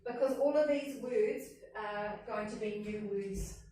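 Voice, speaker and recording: A woman's voice: medium pitch, measured pace, mellow. A woman leading a hands-on teaching workshop as a literacy trainer, upbeat and often checking in with "okay?" and "cool?". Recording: echoey room, mic at a distance, faint noise.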